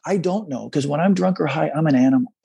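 This is a middle-aged man with a deeply gravelly, husky voice. He speaks in a dry, close sound. He tells his story in a halting, confessional way and briefly takes on the voices of the people in it. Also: mellow, no room sound. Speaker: guest. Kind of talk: candid personal storytelling in a conversation.

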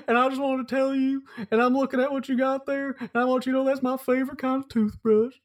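A man's voice: very high voice, level tone, fast. A man putting on an impression of an older former president, chummy and folksy, within a comedy bit.

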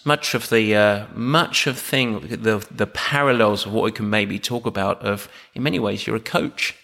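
A man's voice: on the low side, pushed and bright. A man with an Essex accent hosting a podcast, enthusiastic and prone to rambling introductions. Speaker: podcast host. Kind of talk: casual interview.

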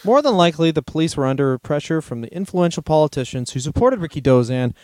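A man's voice: on the high side, animated, quick pace, darkish tone, no room sound. A man co-hosting a comedy podcast, telling stories in casual chat and laughing often. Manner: storytelling, reads out history passages, laughs often.

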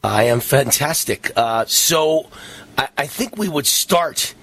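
A man's voice: medium pitch, expressive, slow pace, a bit bright, husky. A man hosting a talk radio show, reading ads and interviewing a guest in an emphatic, combative way.

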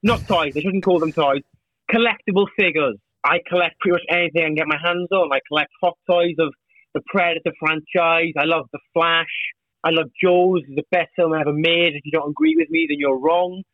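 Fast-talking Welsh man, high and excitable. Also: dry recording, lo-fi sound. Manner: excitable, jokey storyteller. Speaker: boxer guest. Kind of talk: casual chat.

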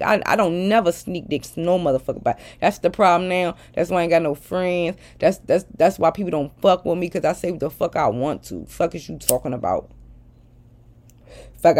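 A woman's voice: on the low side, a little mellow. A middle-aged woman ranting bluntly and profanely at her followers in a casual vlog. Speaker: social media personality.

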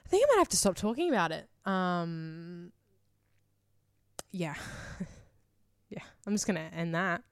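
A woman's voice: on the low side, expressive, unhurried, long pauses, smooth, no room sound, clean studio sound. A woman hosting a solo podcast, talking in a rambling, emotional way full of fillers and casual swearing. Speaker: podcast host.

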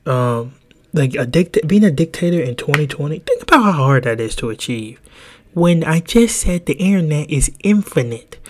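A young adult man hosting a podcast, ranting casually in a rambling, profane way that jumps between pitches. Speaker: podcast host.

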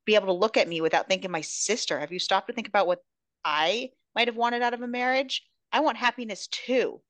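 A woman's voice: mid-range voice, a bit bright, dry recording, close to an everyday voice. A woman doing a hurt, frustrated young wife.

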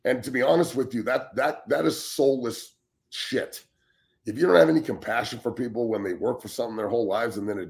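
A gravelly, medium-pitched voice belongs to a man in his forties, an ex-football player guesting on a casual sports talk show. His rant is blunt, heated, and loaded with swearing, with repeated words and restarts at the opening of sentences.

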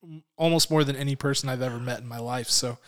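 A man's voice: medium pitch, fast, fairly bright tone. A man in his thirties co-hosting a podcast in casual chat, chatty and self-deprecating, laughing often. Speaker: podcast co-host.

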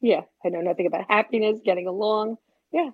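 Older woman comic, husky voice, brash punchline storytelling, dull lo-fi sound. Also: mid-range voice, fast talker. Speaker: stand-up comic guest. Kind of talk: casual interview chat.

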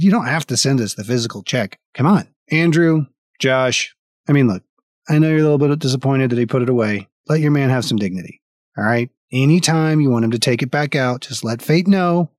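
A man's voice: mid-range voice, dry recording. A man running a tabletop game as dungeon master, wry and rambling, swearing often as he reads out thanks.

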